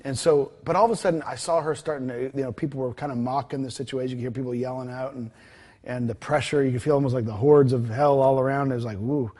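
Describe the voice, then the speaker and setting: A man's voice: medium pitch, fairly even intonation, fast, dark tone. A man telling a ministry story in a conversational interview, retelling the dialogue with many fillers and restarts. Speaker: guest telling a ministry testimony.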